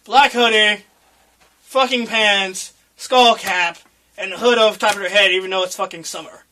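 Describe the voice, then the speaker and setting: A young man with a high, bright voice talks in a casual, profane way. He rambles from point to point and swears freely. He often bursts into loud, excited rants. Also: moderate pace. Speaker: podcast co-host.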